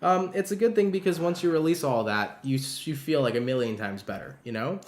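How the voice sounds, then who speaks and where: A young man gives a casual tarot reading, upbeat and full of slang. His voice sits a little high. The room around him rings with a noticeable echo. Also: a little fast. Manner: upbeat, slangy, calls listeners baby. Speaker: tarot reader.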